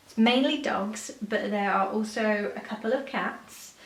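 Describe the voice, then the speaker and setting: A woman's voice: medium pitch, unhurried, far from the mic. Chatty woman in an echoey room. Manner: chatty, rambling, many fillers and self-corrections; gushing excitement when showing things. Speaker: sewing vlogger. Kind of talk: casual chat to camera. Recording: echoey room, a bit off-mic.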